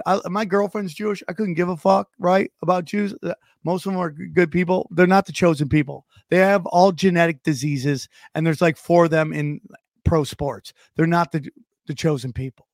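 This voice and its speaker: A man's voice: a little high, no room sound, clean studio sound. A man ranting profanely in casual podcast chat, stumbling and restarting his sentences.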